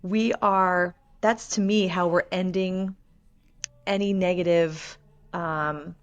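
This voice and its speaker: A woman speaks as a guest on a podcast, sharing a personal story. Her voice sits somewhat low. She talks in an earnest, measured way. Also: steady tone, clean tone, lo-fi sound.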